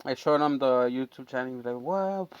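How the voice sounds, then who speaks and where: A man's voice: medium pitch, a little fast, smooth, no echo, highs cut off. A man telling a long, rambling, profane story from his neighborhood in a casual chat, full of fillers. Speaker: storyteller and channel host.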